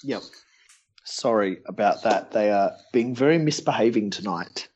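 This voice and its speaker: A man's voice: on the low side, normal speed, a little mellow, husky, muffled recording. A man co-hosting a podcast, friendly and teasing, asking his guests lots of questions. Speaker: co-host. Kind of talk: casual chat.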